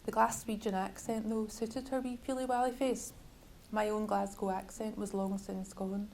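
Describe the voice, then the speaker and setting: Woman author, measured bookshop reading, level even delivery. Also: medium pitch, creaky, slight background noise, poor audio. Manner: measured, literary reading with wry asides. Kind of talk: reading from her novel.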